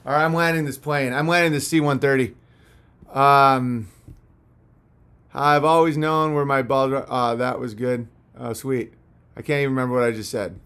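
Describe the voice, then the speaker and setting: A man's voice: mid-range voice, steady tone, normal speed, long pauses, a bit bright, smooth. A man hosting a live stream in a casual, rambling, crude and jokey way, reading out viewer messages, a little punch-drunk after hours of talking.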